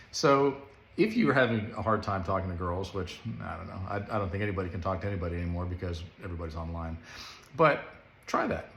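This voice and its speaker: A man's voice: on the low side, reverberant, slight background noise. A middle-aged man telling a rambling, self-deprecating comic story straight to camera. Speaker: comedic storyteller. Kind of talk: casual comedic storytelling to camera.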